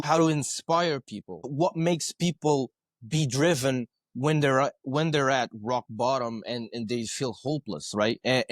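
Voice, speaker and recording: A man's voice: medium pitch, no echo, clean studio sound. A male podcast guest telling stories in a conversational way, earnest, often checking in with "right?" and repeating his words. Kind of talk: conversational storytelling.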